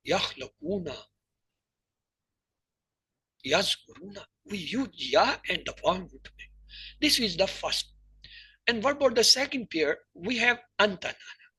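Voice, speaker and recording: A man teaching Arabic verb conjugation in an online class, explaining slowly and repeating verb forms in lists. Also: high voice, pushed and bright, slightly rough, rough recording.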